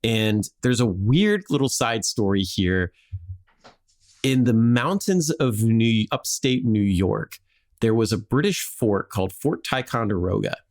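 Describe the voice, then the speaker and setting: A man's voice: on the low side, animated, measured pace, darkish tone. A man hosting a podcast, telling a history story casually with lots of "like" and jokey acted-out quotes.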